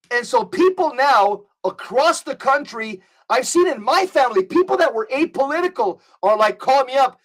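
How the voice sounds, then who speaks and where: A man with a notably high voice speaks as a guest commentator. He is fervent and preachy, stacking up long lists with rising emphasis. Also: lively intonation, a little fast, a bit bright. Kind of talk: impassioned political commentary.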